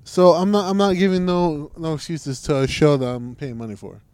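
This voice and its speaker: A man's voice: a little high, brisk, a little mellow, smooth, no echo. A young man in casual, profane chat, sarcastic and mocking, ranting about a show. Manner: crude, sarcastic, mocking, does silly impressions.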